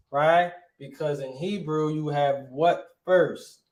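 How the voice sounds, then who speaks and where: A man's voice: on the high side, fairly even intonation, a little mellow. Echoey man teaching, tagging "right?" everywhere. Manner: casual, says "right?" constantly, sounds out words slowly. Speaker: Hebrew teacher. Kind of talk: online language class. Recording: echoey room.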